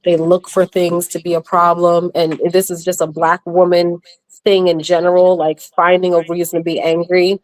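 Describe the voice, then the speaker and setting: A woman speaking bluntly and candidly as a guest in a casual online panel discussion, with quick asides and restarts. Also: fairly low pitch, level tone.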